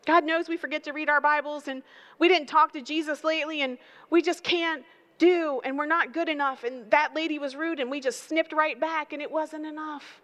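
A woman preaching a sermon, building emphatic repeated phrases and telling animated stories. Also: high voice, moderate pace. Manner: animated storytelling with acted voices.

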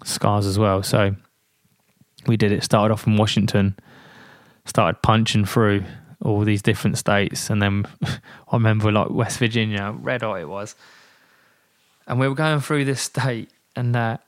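A man, a guest and military veteran, telling anecdotes in an animated way with many fillers and restarts. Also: fairly low pitch, unhurried, dry recording, studio quality. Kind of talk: storytelling in a podcast interview.

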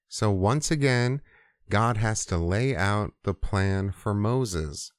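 A male podcast host tells a crude, comic story in a relaxed, profane voice with lots of hesitant fillers. His voice is on the low side and sounds dry and close, with no room echo. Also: takes it slowly, clear, resonant tone.

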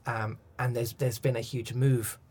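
A man's voice: mid-range voice, level tone, unhurried, a little mellow, breathy edge. Guy explaining work in an interview, chatty, repeats himself. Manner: thoughtful, many restarts and ums. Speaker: accent coach. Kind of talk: podcast interview answers.

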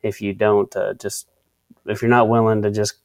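Low-voiced man in Bible-study chat. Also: flat delivery, moderate pace, gravelly, no room sound. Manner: restarts often, reads out definitions. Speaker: co-host of a faith discussion. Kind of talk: casual Bible-study discussion.

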